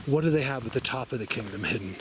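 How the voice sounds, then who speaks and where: A man vlogging outdoors in a forest, talking casually to camera in an excitable, rambling way and laughing often. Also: medium pitch, fast talker, background noise.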